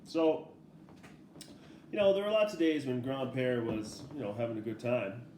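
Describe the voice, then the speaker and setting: A man's voice: medium pitch, moderate pace, slight background noise. Laid-back middle-aged man, roomy echo. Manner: relaxed and rambling, laughs often while telling. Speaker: father telling a family story. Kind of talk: casual storytelling.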